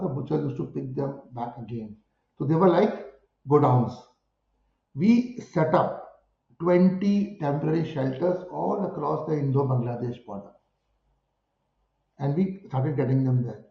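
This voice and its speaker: A man with an Indian English accent answering an interview in an impassioned way, driving his points home with rhetorical questions and forceful peaks. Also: fairly high pitch, creaky, roomy sound, dull audio. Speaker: spiritual guru interviewed about cow protection.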